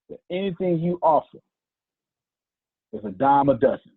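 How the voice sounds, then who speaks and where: A man with a gravelly, husky voice who teaches like a preacher, leaning hard on repetition and drawing key phrases out slowly. His pitch swings widely from line to line. The sound is dry and tinny, as if coming through a phone. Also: sing-song, no echo. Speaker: teacher leading an online class.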